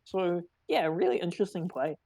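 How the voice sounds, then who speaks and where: An esports co-caster calling a live card game match, excitable and quick to laugh, often restarting mid-sentence. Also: medium pitch, vocal fry.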